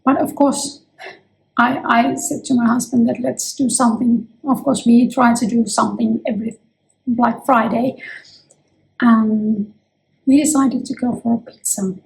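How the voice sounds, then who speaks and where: A woman in her fifties who is losing her voice chats reflectively to camera from her office in a casual vlog. Her voice is on the high side yet gravelly and darkish, steady and measured, with frequent restarts, and the recording is rough.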